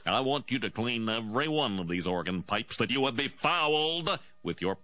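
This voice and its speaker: A man's voice: mid-range voice, animated, moderate pace, bright, forceful tone. An actor playing a stern, sanctimonious male church minister in a cartoon, with dull lo-fi sound. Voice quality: sanctimonious, preachy. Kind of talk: cartoon sitcom acting. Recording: dull lo-fi broadcast audio.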